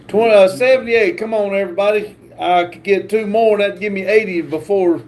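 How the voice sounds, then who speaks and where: A man hosting a livestream, reading viewer comments aloud with halting pauses and fillers. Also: high-pitched, a little mellow, slight background noise. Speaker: livestream host.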